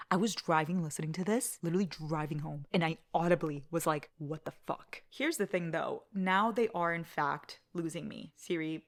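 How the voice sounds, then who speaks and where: A young man chatting casually in a book vlog, profane, excitable and rambling. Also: fairly high pitch, gravelly. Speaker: book vlogger. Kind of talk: casual chat.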